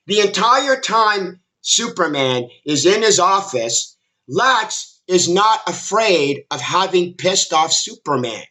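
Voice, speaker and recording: A man delivering an opinionated commentary vlog in a bright, forceful, slightly high voice. He takes his time, talking slowly and emphatically, and he repeats his points while mocking his audience in a combative tone. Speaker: commentary vlogger.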